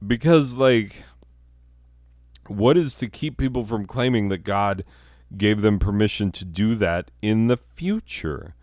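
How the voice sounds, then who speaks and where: A man's voice: fairly low pitch, lively intonation, takes it slowly, a little mellow, no echo, clean studio sound. A man hosting a podcast, delivering a rambling, profane comedic monologue with sarcasm and laughing at his own jokes. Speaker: podcast host.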